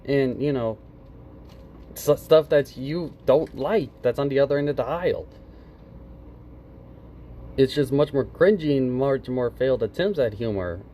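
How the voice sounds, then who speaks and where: A man's voice: mid-range voice, measured pace, pauses often, dark tone, a little hiss or hum. A man giving casual reaction commentary, sarcastic and profane, mocking what he hears with exaggerated mimicry.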